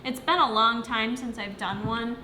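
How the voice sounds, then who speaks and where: A woman's voice: fairly high pitch, steady tone, moderate pace, very noisy. A young woman fitness coach chatting casually on a livestream from home, answering viewer questions with lots of fillers while she eats. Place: home, near the kitchen. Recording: echoey room.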